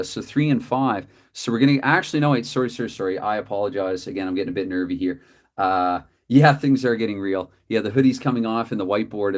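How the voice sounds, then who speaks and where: A man calling play-by-play for a dice hockey game from his desk, chatty and quick to correct himself with apologetic asides. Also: lowish voice. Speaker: tabletop hockey game host.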